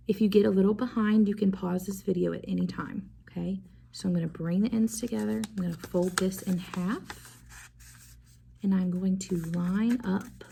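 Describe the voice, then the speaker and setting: Slow, gravelly-voiced woman teaching kids. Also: medium pitch, dark tone, a little hiss or hum. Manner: slow, encouraging, call-and-response prompting. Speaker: music teacher. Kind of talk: classroom video lesson for young children.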